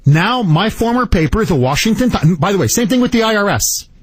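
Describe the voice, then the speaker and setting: A man's voice: high voice, lively intonation, brisk, no room sound. A man hosting a talk radio show, ranting in a combative, sarcastic way into a studio microphone. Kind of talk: political talk radio monologue.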